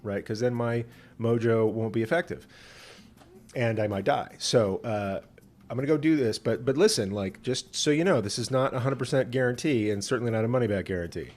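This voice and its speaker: A man's voice: mid-range voice, brisk, darkish tone, close to an everyday voice. A man voicing a greedy male soothsayer who talks in a chatty, hedging way with modern slang. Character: greedy, bargaining male soothsayer, slick and casual.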